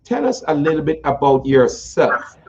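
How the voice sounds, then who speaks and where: A man's voice: a little high, very animated, moderate pace, a little mellow, a little hiss or hum. Effusive, playful male host on a slightly muffled line. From United States. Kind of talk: interview talk show.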